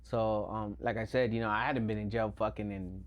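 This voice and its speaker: A man, a podcast guest, telling stories in a relaxed, slangy way with constant swearing. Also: on the low side, brisk, dull audio. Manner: profane, slangy, laid-back. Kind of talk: casual storytelling.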